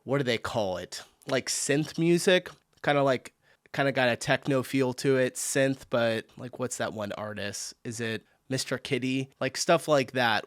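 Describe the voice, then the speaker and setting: A man's voice: mid-range voice, fairly bright tone, smooth, dry recording. Chatty American man with a dry, close sound. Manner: chatty, thinks aloud, laughs between comments. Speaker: reaction video host. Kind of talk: casual reaction commentary.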